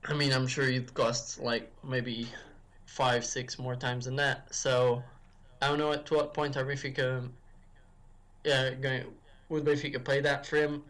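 A guest on a football podcast, this man speaks in a mid-range, fairly bright voice with a level tone and measured pace. His casual football chat rambles, full of restarts and fillers such as "if you will."

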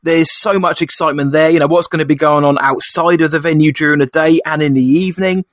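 A young man co-hosting a casual podcast chat, excitable and chatty, calling his friend "mate". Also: a little high, fast, no room sound, clean studio sound. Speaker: podcast co-host.

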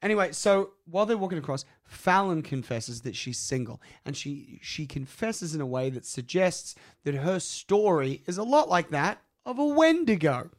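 A male podcast co-host tells the story of an episode in loose, profane chat. His voice sits a little high, and he breaks into laughter between lines. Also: sing-song, normal speed, hardly any pauses. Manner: sweary, laughs often, acts out quotes. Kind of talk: casual comedic chat.

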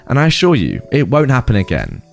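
A man's voice: mid-range voice, huge pitch swings, a little fast, gravelly, faint music behind. A man voicing a polite, apologetic young boy. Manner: gentle, apologetic.

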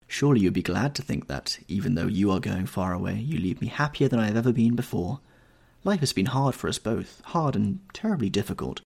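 A man's voice: on the low side, lively intonation, brisk, gravelly, a little mellow, husky, heavily acted. A man reading an audiobook, voicing a lovestruck young actress in a raised, breathless, rapturous tone. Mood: coaxing.

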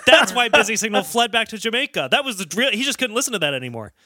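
A man's voice: sits high, big pitch swings, fast talker, pushed and bright, no echo, clean studio sound. A man co-hosting a casual podcast, joking around and laughing, then wrapping up the episode. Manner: jokey, chuckling, sign-off patter. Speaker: podcast co-host.

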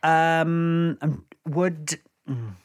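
A man's voice: fairly high pitch, drawn-out words, no echo, studio quality. A man playing a podcast quiz, casual and self-deprecating, often hesitating with fillers. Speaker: quiz contestant.

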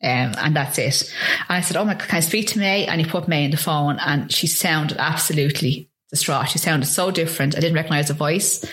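A middle-aged woman with an Irish accent speaks in a low voice. She tells her story haltingly, with many ums and restarts, as a guest in an interview. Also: fairly bright tone. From Ireland. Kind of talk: emotional personal testimony.

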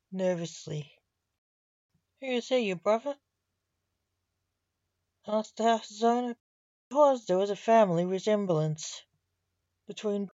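A woman reads a short story aloud at a slow, deliberate pace. Her voice sits at a middle pitch. The sound is dry and dull, a lo-fi recording. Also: dark tone, no room sound. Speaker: narrator.

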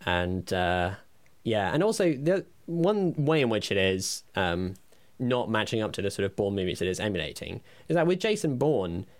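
A man's voice: fairly low pitch, big pitch swings, moderate pace, no room sound. Wry rambling male podcast host. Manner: rambling, wry, hesitant with ums. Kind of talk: casual comedy podcast chat.

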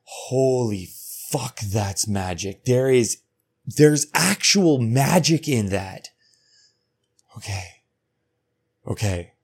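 A man in his thirties from North America hosting a solo podcast, talking casually, profanely and excitedly, jumping from loud bursts to quiet asides. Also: medium pitch, very slow, long pauses, husky. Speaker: podcast host.

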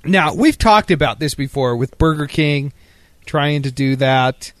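A man's voice: on the high side, lively intonation, unhurried, a bit bright, dry recording. A man co-hosting a casual podcast, joking and sarcastic, laughing often as he talks. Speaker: podcast co-host. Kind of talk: casual chat.

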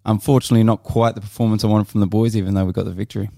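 Low, gravelly, fast-talking man. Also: level tone, dark tone, no echo, studio quality. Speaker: former footballer and coach. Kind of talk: casual radio chat.

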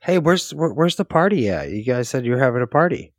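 A man's voice: mid-range voice, very animated, fast, no room sound, studio quality. A man playing a character in a tabletop game, talking in a dopey, lazy, slurred way. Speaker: player.

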